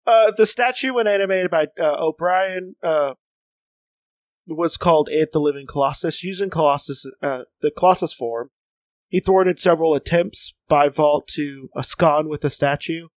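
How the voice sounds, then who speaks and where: A man's voice: on the high side, normal speed, no echo. A man co-hosting a casual comics podcast. He reads passages aloud, laughs a lot and often restarts his sentences. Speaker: podcast co-host.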